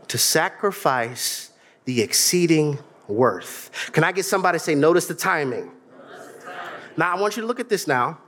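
High-pitched, lively preaching man. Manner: preaching with humor and sudden shouts, mimicking voices. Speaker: pastor. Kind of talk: sermon.

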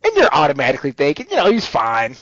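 A man's voice: fairly high pitch, wildly swooping pitch, fast talker, a bit bright, no echo, dull audio. Man casually recapping a TV episode. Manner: rambling, many ums and restarts. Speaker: podcast co-host.

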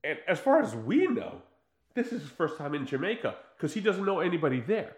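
Animated man in an echoey room. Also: fairly high pitch, brisk. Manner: animated, laughing, swearing, acts out scenes. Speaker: podcast co-host. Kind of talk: casual film chat.

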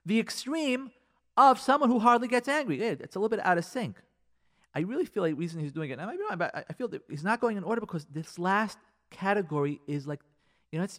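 A man giving a Torah class on radio, asking rhetorical questions and quoting Hebrew and Aramaic sources, swinging between loud emphasis and quiet asides. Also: sits high.

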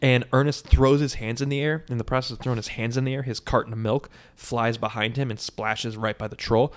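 A man in casual podcast chat, recapping a movie with lots of swearing and quick quoted voices. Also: medium pitch. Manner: profane, animated storytelling with quick quoted voices.

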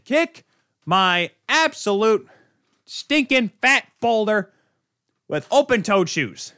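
Man, podcast host, heated sarcastic rant, high and very animated voice. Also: takes it slowly, long pauses, clear, resonant tone, no room sound, studio quality. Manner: exasperated, sarcastic ranting.

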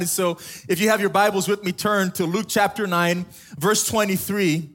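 A man's voice: high voice, brisk, fairly bright tone, soft background music. A young adult man from Africa, a pastor giving a sermon in a casual, storytelling way with humorous asides.

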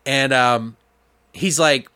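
A young man chatting casually about a movie, acting out scenes in squeaky voices and swearing a lot. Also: slow, clean tone, no room sound. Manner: animated storyteller, acts out characters in high voices, swears a lot. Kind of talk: casual chat reviewing a movie.

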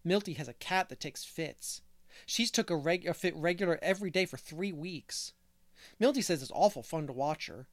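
A man's voice: on the high side, lively intonation, normal speed, no echo. A man voicing a chatty, cheerful little boy who talks bluntly, in a dry audiobook reading.

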